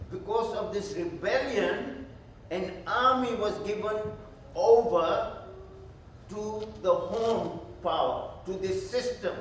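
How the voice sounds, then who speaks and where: A man's voice: high voice, recorded from a distance, slight background noise. A man, a pastor, leading a Bible study with emphatic teaching and questions he answers himself. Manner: emphatic, asks and answers his own questions. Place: church hall. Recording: very echoey church hall, from afar.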